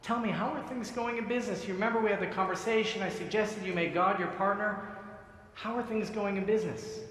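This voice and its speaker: An eager rabbi from a joke, put on by a man preaching, asks questions in a raised, animated voice. The sound rings with long hall reverb. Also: high voice, a little fast, far from the mic, pitched above the performer's own voice. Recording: echoey sanctuary with long reverb.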